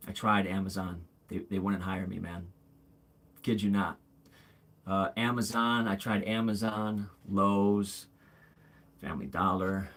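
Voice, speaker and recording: A man's voice: low-pitched, a bit bright. A man in his forties hosting a livestream, talking candidly in a rambling way, with many fillers and restarts, calling viewers bro and man. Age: 40s. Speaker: livestream host. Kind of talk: casual livestream chat.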